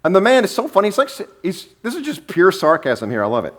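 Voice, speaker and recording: A male pastor delivers a sermon with a lively, swooping delivery and a voice pitched slightly high. He retells the story with humor and sarcastic asides. He acts out the lines of each character as he goes. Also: fast. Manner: animated storytelling, acting out quotes with shifting voices.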